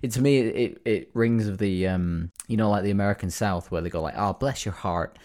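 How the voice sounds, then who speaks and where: A man with a fairly low voice talks through a phrase's origins in a relaxed podcast chat. He reads from his notes in a chatty way, often restarting and trailing off mid-sentence. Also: a little fast. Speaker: podcast co-host.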